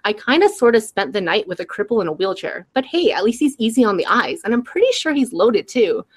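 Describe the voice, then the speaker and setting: A woman's voice: mid-range voice, sing-song, fairly quick, breathy edge. A woman reading the lines of a flustered, self-conscious young woman in an audiobook reading, with a stammering, awkward delivery.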